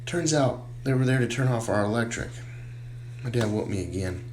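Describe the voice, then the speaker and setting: A man casually telling a string of jokes in a relaxed storytelling manner, with a few fillers. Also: mid-range voice, normal speed, slight background noise. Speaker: joke teller.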